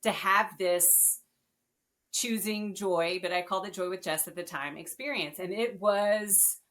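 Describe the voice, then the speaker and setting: A woman guest on a podcast, telling her story in a casual, animated and earnest way. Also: mid-range voice, a little slow.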